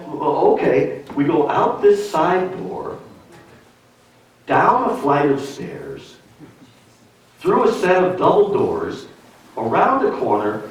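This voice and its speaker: Brief: lively male storyteller with a bit of a higher voice, recorded in a very echoey room with the mic far away. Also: lo-fi sound. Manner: animated, chuckling, acts out other people's voices. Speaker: musician telling a story. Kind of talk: spoken storytelling. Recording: roomy echo, distant mic, faint noise.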